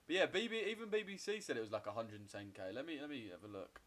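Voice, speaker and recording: A young man in his twenties speaks with an average-pitched voice. He rambles in loose, swear-heavy banter as he trades live and answers his viewers' chat. The delivery is offhand and conversational. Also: sing-song, quick pace, fairly bright tone. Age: 20s. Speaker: trading streamer. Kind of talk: casual livestream chat while trading.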